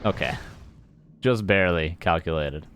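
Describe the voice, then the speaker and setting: A man's voice: low-pitched, moderate pace, a bit bright. A man casting a live strategy game match, chatty and playful with joking asides. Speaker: esports caster. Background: faint game music.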